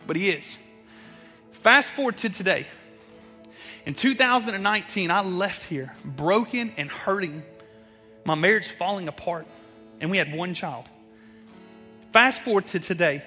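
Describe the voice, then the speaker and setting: Fervent man preaching in a church. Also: sits high. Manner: storytelling, swings from soft to fervent. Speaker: student pastor. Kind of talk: sermon with personal testimony. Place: church sanctuary. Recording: echoey hall, music behind.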